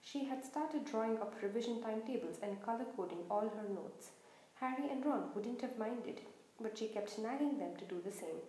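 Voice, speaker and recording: Woman audiobook reader, higher voice, steady expressive telling, roomy echo. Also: normal speed, slight background noise. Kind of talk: reading a novel aloud.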